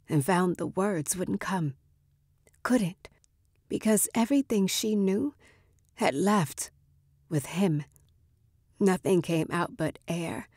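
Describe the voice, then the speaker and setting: A woman narrating a short story in a measured, expressive reading. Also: medium pitch, no room sound, clean studio sound.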